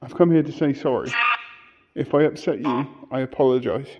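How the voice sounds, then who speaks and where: Hushed man calling out to spirits. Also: medium pitch, brisk, lo-fi sound, very noisy. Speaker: paranormal investigator. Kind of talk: solo ghost-hunting vlog. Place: inside an old church at night.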